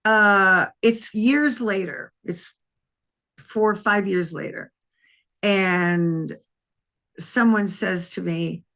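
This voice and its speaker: A woman's voice: lowish voice, gravelly. An older woman from Wisconsin, a retired detective, telling a long personal story in an interview and acting out the voices of the people in it. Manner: lively anecdotal telling, acts out quoted voices.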